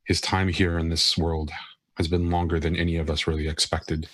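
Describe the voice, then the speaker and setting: A man's voice: sits low, little pitch movement, normal speed, fairly bright tone, dry recording. A man voicing a commanding female vampire club owner in formal, grave speech.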